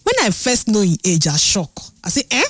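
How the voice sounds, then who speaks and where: A woman's voice: fairly low pitch, animated, a little fast, husky, no room sound. An older woman with a Nigerian accent talks in a casual, chatty storytelling way, mixing in Pidgin and laughing often. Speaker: vlogger.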